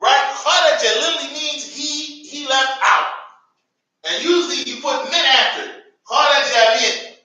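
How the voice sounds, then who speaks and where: Animated American man teaching a class. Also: very high voice, normal speed. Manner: animated, calls on students, has the class repeat words. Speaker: Arabic teacher. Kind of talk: classroom grammar lesson. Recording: echoey classroom, from far off.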